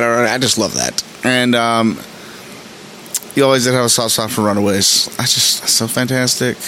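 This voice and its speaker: A man hosting his podcast, talking casually and excitedly about an episode, rambling with frequent laughs while saying he is tired. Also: medium pitch, moderate pace, a little hiss or hum, rough recording. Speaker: podcast host. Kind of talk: casual episode reaction commentary.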